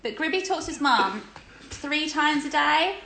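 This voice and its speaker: A woman's voice: high-pitched, lively intonation, unhurried, vocal fry, over a noisy crowd. A young woman in her twenties, co-hosting a casual phone live stream, chatty and giggly as she reads out viewer comments. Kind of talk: casual chat.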